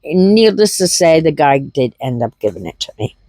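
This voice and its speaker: A woman's voice: low voice, sing-song, moderate pace, warm tone, no room sound. A middle-aged woman telling a funny story in a casual vlog, laughing through it and repeating herself. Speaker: homestead vlogger.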